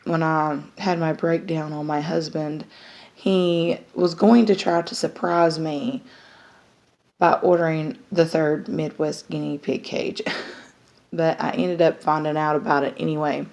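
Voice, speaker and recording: A woman with a lowish voice chats casually to the camera. She rambles warmly, with frequent fillers and restarts. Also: measured pace, gravelly. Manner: chatty, many fillers, excited baby talk to pets. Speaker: vlogger.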